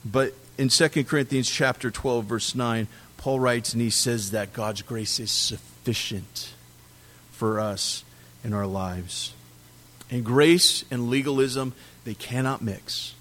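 A man preaching a sermon, animated, swinging between loud emphasis and quiet drops on key words. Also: medium pitch, slow pace. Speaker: pastor.

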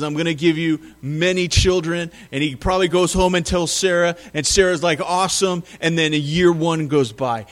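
A man preaching a sermon, reading scripture and retelling it in a conversational, emphatic way. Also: a little high. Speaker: pastor.

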